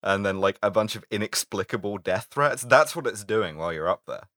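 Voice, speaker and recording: A man's voice: on the low side, fairly quick, no room sound, studio quality. A man co-hosting a casual podcast, rambling and riffing, swearing freely. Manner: rambling, lively, swears, laughs a lot. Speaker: podcast co-host.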